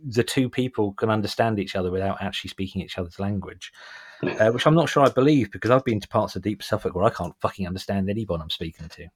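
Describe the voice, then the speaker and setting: A British man hosting a music podcast, joking and swearing in a casual, deadpan way. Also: lowish voice, fast, breathy edge, no room sound. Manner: jokey, sweary, deadpan disclaimers. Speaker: podcast host. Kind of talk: casual chat.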